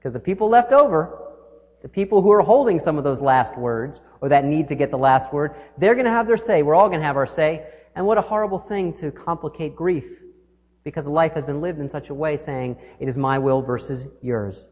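Male minister, slightly high voice, storytelling sermon, echoey hall, dull lo-fi audio. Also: animated, darkish tone. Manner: storytelling, shifting between quick and slow.

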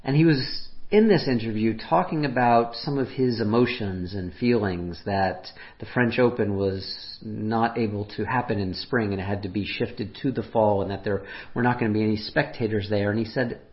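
A man preaching as a pastor, speaking gently and unhurriedly, his voice dropping softly on heartfelt lines. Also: fairly low pitch, normal speed, few pauses. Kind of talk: reflective sermon. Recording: muffled lo-fi sermon audio.

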